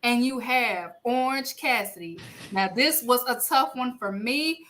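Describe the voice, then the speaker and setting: Slow, bright-voiced woman announcing awards. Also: a little high, expressive. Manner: playful, emphatic announcer delivery. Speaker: podcast co-host announcing awards. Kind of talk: casual podcast chat.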